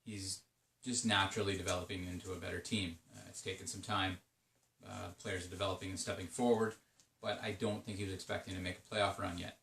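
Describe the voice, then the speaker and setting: Man, casual solo commentary, rambling with fillers, low gravelly voice. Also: little pitch movement, brisk, a bit bright, echoey room, distant mic, slight background noise. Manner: rambling, many fillers and restarts. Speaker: video game league commentator.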